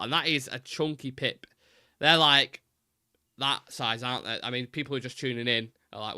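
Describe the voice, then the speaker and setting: A man's voice: medium pitch, fairly quick, bright, forceful tone, dry recording, clean studio sound. A man hosting a live football fan stream, chatting casually and rambling, swearing now and then.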